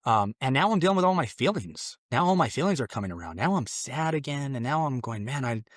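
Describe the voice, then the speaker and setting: A man's voice: sing-song, fast, no room sound, studio quality. A man from Mexico, a podcast guest telling his conversion story in a rambling, earnest way full of restarts. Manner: acts out his own past exclamations in a louder, higher voice. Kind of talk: personal conversion testimony in conversation.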